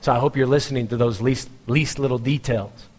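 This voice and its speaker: A man preaching a sermon in a conversational, pointed way, jumping into a higher voice when he imitates people in the pews. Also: fairly even intonation, a little fast, darkish tone, breathy edge, big-room sound. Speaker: pastor.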